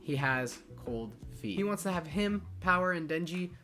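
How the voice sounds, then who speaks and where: A young man reviewing a manga series in a casual, excitable, profane and rambling way. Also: sits high, moderate pace, soft background music. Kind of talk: casual video commentary.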